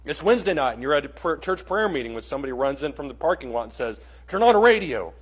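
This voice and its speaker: Husky man telling a vivid story. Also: mid-range voice, very fast. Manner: earnest and vivid, addressing listeners directly. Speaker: Bible class teacher. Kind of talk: dramatic storytelling to a class. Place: church classroom.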